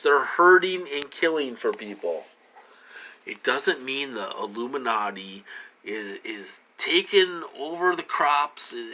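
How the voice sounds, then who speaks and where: A man rambling in a repetitive monologue to camera, full of restarts, slightly tipsy from a drink, swinging from loud outbursts to low muttering. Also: a little hiss or hum. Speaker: vlogger.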